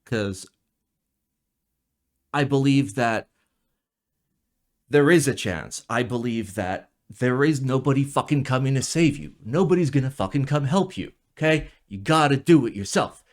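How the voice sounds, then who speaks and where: A young man ranting casually in a vlog about keyboards, profane and rambling, swinging from low mutters to loud outbursts, sounding jet lagged. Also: measured pace, long pauses. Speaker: keyboard reviewer.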